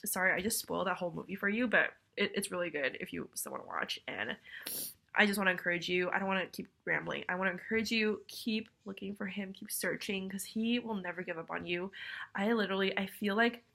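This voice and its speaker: Sniffly young woman, bright gravelly voice. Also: medium pitch, fast. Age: young adult. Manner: rambling, filler-heavy, self-deprecating and apologetic. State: congested with a cold, sniffly. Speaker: vlogger. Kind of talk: casual video message.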